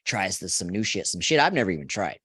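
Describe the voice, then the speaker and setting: A man's voice: fast talker, breathy edge, no room sound, studio quality. A man in his forties hosting a live stream, telling rambling, profane stories and tagging most sentences with "right?". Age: 40s. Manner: profane, keeps asking "right?" after each point; animated storyteller, voice jumps high when quoting friends.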